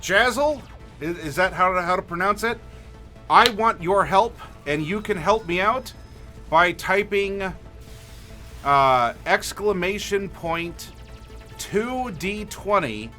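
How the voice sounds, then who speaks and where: A man hosting a livestream as game master, friendly and unhurried, asking chat for dice rolls and pausing with fillers. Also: sits high, lively intonation, pushed and bright, faint music behind. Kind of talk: livestream character creation, talking to chat.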